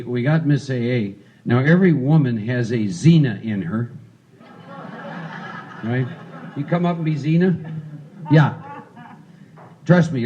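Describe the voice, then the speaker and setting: Guy leading a recovery group talk, relaxed warm tone, dull lo-fi recording. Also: mid-range voice, slight background noise. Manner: coaching volunteers through a role-play, conversational. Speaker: recovery workshop speaker. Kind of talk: interactive recovery workshop talk.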